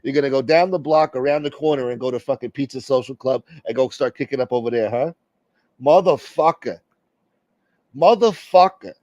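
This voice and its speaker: A man's voice: mid-range voice, steady tone, fast talker, few pauses, darkish tone, dry recording. A man hosting a casual livestream, joking brashly with viewers and swearing freely. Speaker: livestream host.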